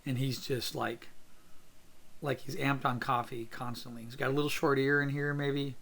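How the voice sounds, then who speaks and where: Upbeat gravelly man teaching drawing. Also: medium pitch, little pitch movement, normal speed, fairly bright tone. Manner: upbeat, encouraging, thinks aloud with fillers. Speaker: art teacher sketching on camera. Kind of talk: casual drawing tutorial narration.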